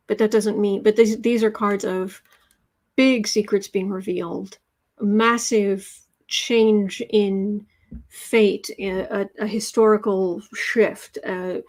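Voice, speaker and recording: An American woman hosts a tarot livestream and talks casually. She reads out viewer comments and adds sarcastic, mocking asides. Her voice sits at an ordinary middle pitch. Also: fairly even intonation, slow pace. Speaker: tarot reader livestream host.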